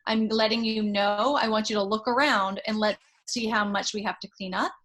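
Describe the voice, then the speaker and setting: Woman clinician, calm coaching delivery, careful phrasing, mid-range voice. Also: mid-range voice, normal speed, poor audio. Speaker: child psychologist advising a parent. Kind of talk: supportive advice.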